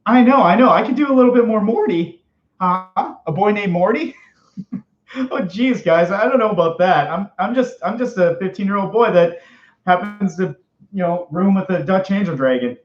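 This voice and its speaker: A man plays a high-pitched, nervous teenage boy who stammers and keeps muttering little worried exclamations. He hosts a live-stream character chat. The sound is dull and lo-fi, and it echoes off the room. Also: normal speed, lightly acted. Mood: jittery. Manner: stammering, repeating "oh geez" and "oh boy". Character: nervous stammering fifteen-year-old boy Morty. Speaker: livestream host.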